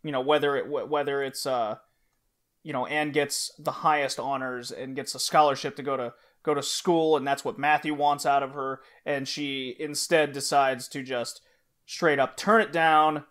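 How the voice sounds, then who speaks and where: In casual conversation on an anime podcast, a co-host animatedly recounts scenes and performs the characters' dialogue with energy. He speaks in a mid-range voice at a moderate pace.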